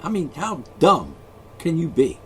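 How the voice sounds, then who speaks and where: A man in the middle of an angry solo rant, swearing freely and dripping with sarcasm. His pitch jumps all over the place as he mocks the people he is fed up with. A faint hiss of noise sits under the recording. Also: very animated, unhurried, a bit bright. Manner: profane, sarcastic, mocking. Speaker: ranting vlogger.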